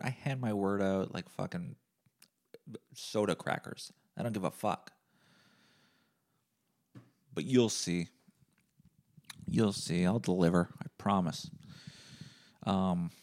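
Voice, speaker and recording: A man hosts a solo podcast, rambling through a casual monologue with deadpan humor and lots of swearing. His fairly low voice carries a rough, gravelly fry.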